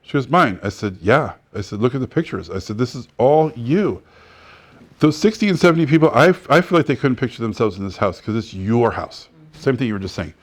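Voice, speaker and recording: A man's voice: mid-range voice, brisk. A man teaching a real estate class, telling stories and acting out the dialogue with frequent laughter. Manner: animated storyteller who acts out dialogue and laughs often. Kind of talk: classroom lecture with anecdotes.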